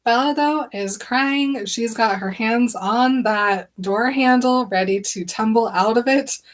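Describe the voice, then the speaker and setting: A woman's voice: a little high, measured pace. A woman co-hosting a podcast, recapping a book in casual chat and acting out the characters' lines as she goes. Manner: animated retelling, acts out characters' lines. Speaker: podcast co-host. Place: recording live before an audience.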